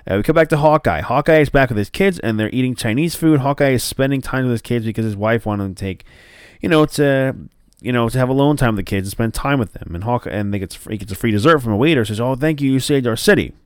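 A man's voice: mid-range voice, fast talker, clear, resonant tone, no room sound, clean studio sound. A man casually recapping a TV episode, rambling with lots of fillers and restarts and swearing now and then. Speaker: show recapper.

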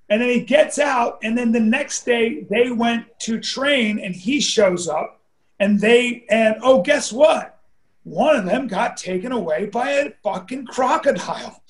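High-voiced profane male storyteller. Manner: profane, rambling storyteller who acts out quotes. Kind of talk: casual storytelling chat. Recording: roomy echo.

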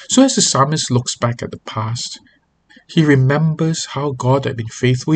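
A man giving a devotional talk as a pastor, earnest and reading scripture aloud with feeling. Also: medium pitch. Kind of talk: devotional Bible teaching.

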